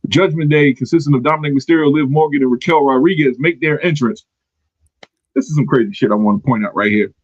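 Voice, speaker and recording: A man hosting a wrestling podcast in casual chat, animated and laughing often. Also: medium pitch, fast, breathy edge, no room sound, lo-fi sound. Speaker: podcast host.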